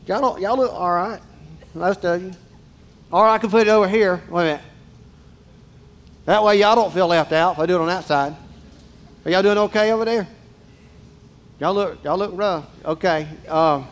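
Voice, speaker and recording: A man, preaching a casual, joking sermon straight to his congregation in a church. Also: sits high. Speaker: pastor. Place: church sanctuary.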